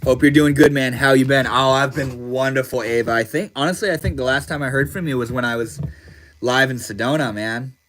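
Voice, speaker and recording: Chill guy doing a livestream, reads chat out loud, slangy and easygoing, mid-range voice. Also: mid-range voice, fairly quick, slight background noise. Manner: laid-back, slangy, greets viewers with "bro" and "man". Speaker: livestream host. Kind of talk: casual livestream chat, reading viewer comments aloud.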